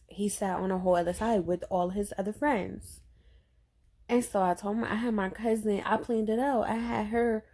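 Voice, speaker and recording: A young woman telling a story to her viewers in a relaxed, unhurried way. Her voice is mellow and a little dark. She acts out the lines other people said in a chatty, lively way. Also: medium pitch. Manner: chatty, animated retelling with acted-out quotes. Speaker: vlogger. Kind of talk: casual storytime.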